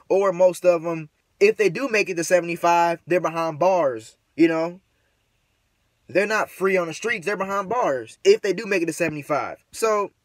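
A man's voice: fairly high pitch, dry recording, clean studio sound. Rambling, slangy male vlogger. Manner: rambling, slangy, many fillers; frustrated, preachy. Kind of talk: casual rant to camera.

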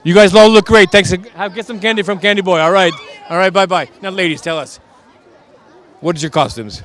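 A man's voice: sits high, fairly even intonation, a little fast, a bit bright, some chatter behind. Man putting on a mock Transylvanian count. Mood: playful. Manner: broken English, playful, reassuring children. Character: male Transylvanian count posing as a businessman. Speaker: street interviewer. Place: outdoor Halloween parade.

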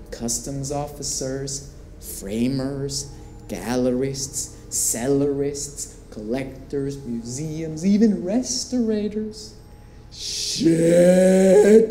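A man performing a theatrical storytelling monologue, animated and swinging between hushed and excited tones. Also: on the high side. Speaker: performance artist. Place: performance space with live visitors. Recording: roomy echo.

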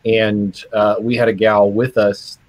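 A man joining a video-call conversation, speaking flatly and matter-of-factly, heard from a distance over muffled audio. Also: lowish voice, measured pace. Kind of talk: casual video-call interview.

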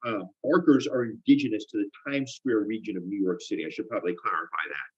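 A man's voice: mid-range voice, fairly quick, rough recording. A man performing a theatrical comic monologue, with anxious, obsessive repetitions and wry asides. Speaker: solo performer.

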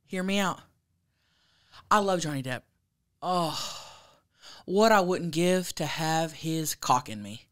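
A woman's voice: low voice, lively intonation, slow, long pauses. A woman co-hosting a podcast, talking in a brash, blunt, casual way. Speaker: podcast co-host. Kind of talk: casual chat.

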